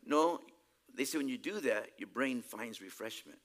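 A male preacher giving a sermon, emphatic, swinging between loud exclamations and quiet asides. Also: medium pitch, expressive, moderate pace.

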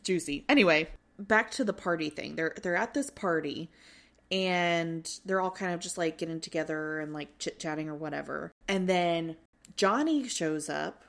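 A woman co-hosting a podcast, casually recapping a reality show, animated and swearing freely as she acts out what people said. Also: lowish voice, moderate pace, vocal fry. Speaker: podcast co-host.

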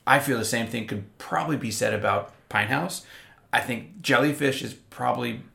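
A man with a gravelly, fry-laced voice at a middling pitch co-hosts a laid-back beer-tasting chat. He talks in an animated way, often stumbling into quick restarts. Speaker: podcast co-host. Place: Austin.

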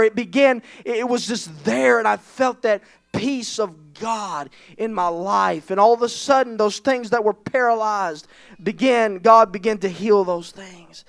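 A man preaching an impassioned sermon in a church, rising to shouts and tearful pleading. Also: very high-pitched, dry recording. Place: church sanctuary.

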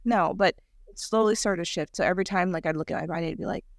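Animated woman podcast guest. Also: fairly low pitch, fast, no echo, studio quality. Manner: animated, acts out quotes in bigger voices. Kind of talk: casual podcast chat.

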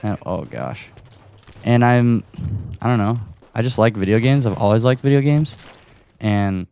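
In his room at home, a young man hosts a casual solo podcast while playing a video game, recorded on an audio recorder. His mid-range voice is warm and clean with fairly even intonation at normal speed, and he rambles self-deprecatingly, a bit out of breath.

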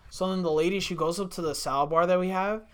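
A man's voice: high-pitched, steady tone, quick pace, clean tone. A young man rambling through a profane workplace story in casual chat, full of "like". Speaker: storyteller, former restaurant worker.

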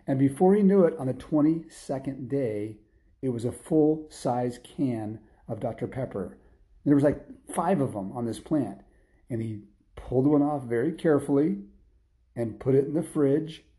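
A man's voice: medium pitch, mellow. A man telling an improvised children's story in a rambling way, with restarts and sound effects.

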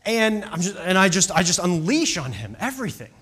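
A man telling a story with a lesson in an animated, conversational way, often checking in with his listeners as he goes. He speaks as a youth baseball coach. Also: sits high, a little fast, slightly rough.

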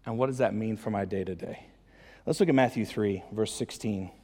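A man preaching a sermon as pastor, casual and animated, breaking into excited high-pitched voices to act out lines. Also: a little fast. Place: church hall. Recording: long hall reverb.

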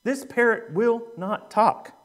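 A man's voice: high voice, measured pace. A man voicing an exasperated old widow. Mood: furious. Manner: indignant, exasperated. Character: annoyed elderly widow, impatient, complaining.

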